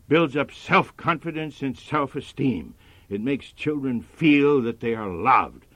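A man preaching a sermon in a measured, earnest manner. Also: medium pitch, pushed and bright, no room sound.

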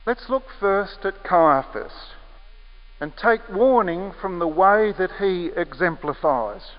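High-voiced man preaching slowly in a hall. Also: animated. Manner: measured, emphatic phrasing with repeated key words. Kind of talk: sermon. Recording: echoey hall, muffled lo-fi sound.

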